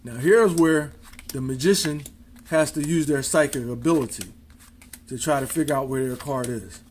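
A man's voice: mid-range voice, normal speed, a little mellow, a little hiss or hum. A man demonstrating card tricks, talking casually and counting and spelling aloud as he deals. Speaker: amateur magician.

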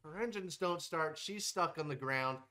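Speaking at normal speed in a fairly high, bright, forceful voice, a young man hosts a comedic tier list ranking game characters. His brash rant is packed with constant swearing and mock-tough bravado.

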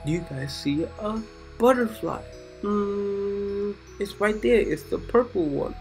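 A woman's voice: medium pitch, expressive, slow pace, a little mellow, faint music behind. A woman narrating a children's cartoon in a gushing, exclamatory way, keeps asking the young viewers questions. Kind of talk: chatty commentary for children.

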